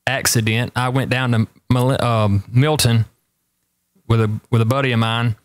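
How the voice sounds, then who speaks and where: A man's voice: medium pitch, steady tone, normal speed, no echo, studio quality. A man, hosting a show and telling rambling stories with emphatic repeated warnings. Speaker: talk show host. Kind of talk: casual storytelling chat.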